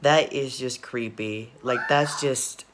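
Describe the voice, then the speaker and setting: A man's voice: medium pitch, steady tone, slow, background noise. A man casually reacting to a video, rambling, laughing often and repeatedly apologizing.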